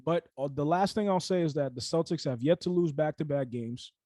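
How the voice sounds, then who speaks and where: A man's voice: on the high side, fairly quick, mellow, dry recording. A young man co-hosting a casual sports podcast, ranting heatedly with lots of fillers and restarts.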